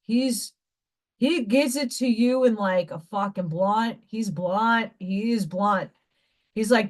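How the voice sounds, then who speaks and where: A woman's voice: mid-range voice, slow. A woman hosting a livestream, talking candidly and rambling, with casual swearing, and reading oracle card messages aloud. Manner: reads card messages aloud between chat.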